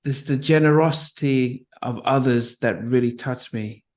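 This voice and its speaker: A middle-aged man from Nigeria hosting an interview, speaking reflectively with many restarts and pauses. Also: medium pitch, darkish tone. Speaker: interview host. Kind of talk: conversational interview.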